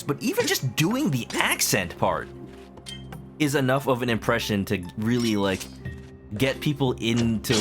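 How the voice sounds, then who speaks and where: A male game streamer in casual commentary, his voice mid-pitched but swinging widely up and down as he explains things to viewers. Game music plays steadily behind him.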